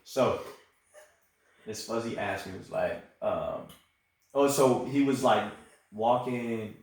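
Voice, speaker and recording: A man's voice: fairly low pitch, takes it slowly. A young man, a soldier, telling a story casually and acting out the voices of the people in it. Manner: animated, acts out quoted voices. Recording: echoey room.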